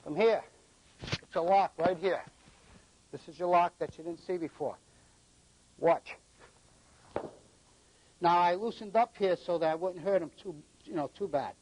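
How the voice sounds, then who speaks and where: A man's voice: sits high, a little slow, long pauses, a little mellow, no room sound, low-quality recording. A middle-aged man from New England, a martial arts instructor who gives short commands and counts out the moves during a live demonstration.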